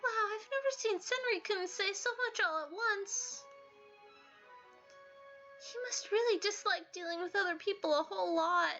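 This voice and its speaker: A woman doing a high, sweet, earnest heroine. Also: moderate pace, bright, forceful tone, dull audio, faint music behind, exaggerated voice. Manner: polite, earnest, worried.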